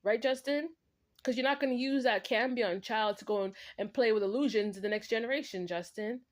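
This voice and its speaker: A woman's voice: fairly high pitch, brisk. Woman ranting in a confrontational monologue. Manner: confrontational, repetitive, talks straight at an absent man. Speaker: vlogger.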